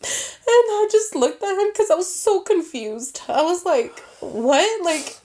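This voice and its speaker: A woman's voice: very high-pitched, big pitch swings, measured pace, mellow. A woman co-hosting a podcast, earnestly telling a personal story and switching into Spanish phrases mid-sentence. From Mexican-American family. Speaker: podcast co-host.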